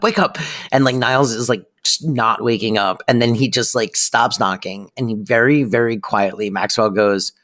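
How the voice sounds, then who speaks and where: A podcast co-host in casual chat, loosely recapping scenes with plenty of fillers and quoted lines. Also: mid-range voice. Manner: relaxed, lots of filler 'like', quotes lines.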